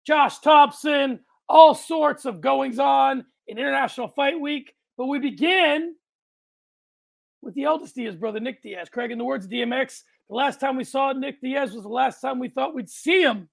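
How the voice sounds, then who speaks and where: A man's voice: extremely high pitch, moderate pace, gravelly, no room sound. A man hosting a casual podcast chat, talking in a dry, matter-of-fact way. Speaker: podcast host.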